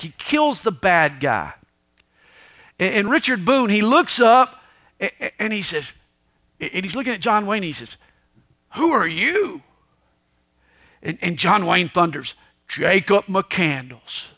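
A male pastor with a high, bright voice delivers a dramatic sermon. He swings from forceful, raised emphasis down to quiet, near-whispered lines, and tells his story with clear conviction. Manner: dramatic preaching, swings from loud to hushed.

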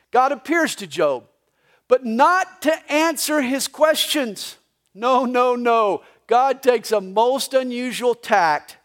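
A man with a Southern US accent preaching a live sermon as pastor. He talks in an animated way, rising loud for God's lines and dropping to a hush. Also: high-pitched. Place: church service.

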